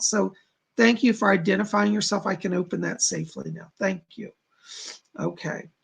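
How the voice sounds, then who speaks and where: A man's voice: high-pitched, creaky, a bit bright, slightly rough. A middle-aged man hosting a psychic live stream from home, chatting casually and reading out viewer comments. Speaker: psychic livestream host.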